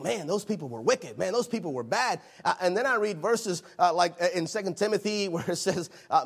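A man preaching a sermon, animated, repeating phrases and acting out the voices in the scripture he reads. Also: high voice, gravelly.

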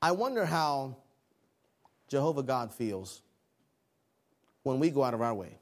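A man preaching a sermon, swinging between loud exclamations and hushed, quiet lines. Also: medium pitch, sing-song, measured pace. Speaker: pastor.

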